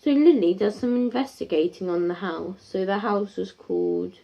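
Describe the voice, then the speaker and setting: A woman's voice: medium pitch, sing-song, normal speed, creaky. A woman improvising a spooky story in a rambling, casual way, full of fillers and restarts, on a dull lo-fi home recording.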